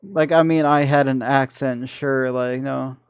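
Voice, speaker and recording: A man's voice: medium pitch, steady tone, measured pace, smooth, dry recording, highs cut off. A man with a Michigan accent, streaming and chatting casually through his gameplay in a rambling, self-deprecating way.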